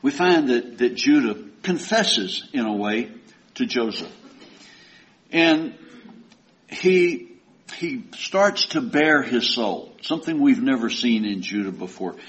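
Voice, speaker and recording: A man's voice: medium pitch, animated, slow pace, fairly bright tone. A man preaching a sermon and retelling a story in a folksy, conversational way. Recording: dull lo-fi recording.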